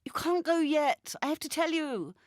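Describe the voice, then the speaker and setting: A woman reading aloud, voicing a brash, self-absorbed woman who talks loudly and demands attention. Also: high voice, expressive, moderate pace, dry recording, studio quality, pitched above the performer's own voice. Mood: pushy. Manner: loud, cursing, demanding. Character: brash, pushy middle-aged woman, self-absorbed novelist.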